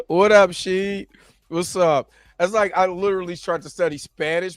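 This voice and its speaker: A man's voice: a little high, clean tone, dry recording. Joking, rambling man hosting a livestream. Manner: loose, joking, rambling, laughs often. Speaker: host. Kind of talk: casual reaction livestream chat.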